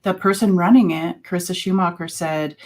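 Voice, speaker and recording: A woman with a somewhat low voice recounts a personal experience as a show guest. She pauses often on fillers as she talks and picks her words slowly. Her delivery is conversational and unscripted. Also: fairly even intonation. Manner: halting, many filler pauses.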